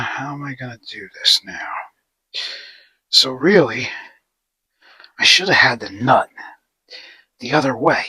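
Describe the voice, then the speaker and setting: Slow, husky-voiced man in his garage. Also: on the high side, bright, forceful tone, no room sound. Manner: rambling, self-deprecating. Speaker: DIY video host. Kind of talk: casual how-to narration while working. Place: home garage workshop.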